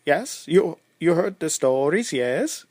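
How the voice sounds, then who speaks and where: A man voicing a boastful, bald, bearded male Norse warrior with a put-on Swedish accent, loud and jovial. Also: a little high, lively intonation, slow pace, no room sound, voice pushed up.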